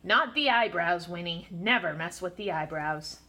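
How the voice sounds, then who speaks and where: A woman's voice: fairly low pitch, lively intonation, moderate pace, pushed and bright, voice pushed down. A woman voicing a wry, eccentric gray-haired male time-traveller in a storybook, full of playful asides.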